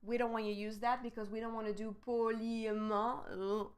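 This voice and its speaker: A woman's voice: on the high side, level tone, quick pace, a little mellow, smooth. A woman with a French accent, teaching a live online language lesson and spelling words out letter by letter.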